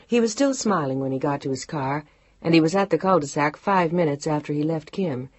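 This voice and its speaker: A woman narrating an audiobook romance in a measured, emotive storytelling manner. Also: low voice, no room sound, lo-fi sound. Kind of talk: scripted narration.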